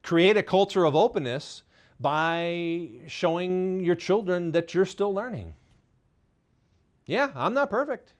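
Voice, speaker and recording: A man presenting a parenting and faith talk to a live studio audience. He is candid and self-deprecating with light humor, and his delivery swings between loud, high emphasis and soft, low asides. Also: expressive, slow.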